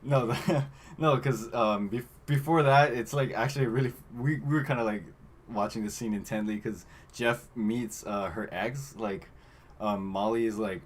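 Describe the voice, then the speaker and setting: A man's voice: mid-range voice, normal speed, slight background noise. A man co-hosting a podcast, casually recapping a movie in a rambling style full of fillers, acting out the characters' lines. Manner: rambling, filler-heavy, acts out quotes. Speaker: podcast co-host.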